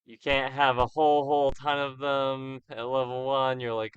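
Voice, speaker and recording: A man's voice: mid-range voice, flat delivery, normal speed, few pauses, clear, resonant tone, no echo, muffled recording. A man hosting a let's play of an old role-playing game, chatting casually with rambling asides. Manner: chatty, rambling, self-correcting.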